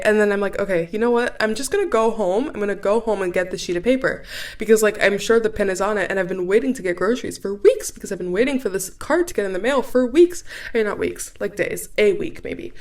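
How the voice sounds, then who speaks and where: A young woman in her twenties from Cameroon, hosting a podcast and telling a story in a chatty, animated way, full of "like". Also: medium pitch. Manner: chatty, animated, heavy use of "like". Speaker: podcast host. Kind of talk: casual storytelling.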